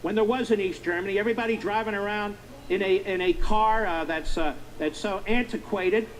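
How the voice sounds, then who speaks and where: A middle-aged talk show host delivers a political commentary monologue, emphatic and repetitive, firing rhetorical questions at his listeners. His voice sits high and brisk over a rough recording.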